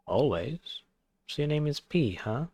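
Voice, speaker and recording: Earnest, curious boy, read by a man; plain, slightly gravelly. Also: a little high, lively intonation, measured pace, darkish tone. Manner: earnest, questioning.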